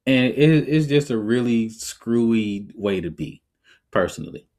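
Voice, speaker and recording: A man hosting a podcast, giving his opinions in a casual, animated way and often laughing as he talks. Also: medium pitch, unhurried. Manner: conversational, reflective. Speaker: podcast host.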